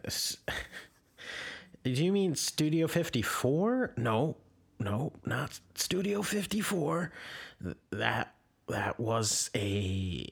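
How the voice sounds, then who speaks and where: A man improvising a comedy bit on a podcast, telling a rambling story with a halting, deadpan delivery. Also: fairly low pitch.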